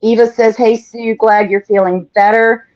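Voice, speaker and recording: A woman with a somewhat high, slightly mellow voice chats casually at a moderate pace and fairly even intonation while hosting a live painting show. She reads viewer comments aloud as she paints. The livestream audio sounds dull and lo-fi.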